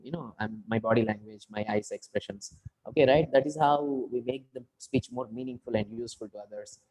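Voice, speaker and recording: A man's voice: mid-range voice, a little mellow, rough recording. A man with an Indian English accent giving feedback as a speaking coach in an online class. He talks over a video call and explains at length, often saying "you know" and "okay, right.".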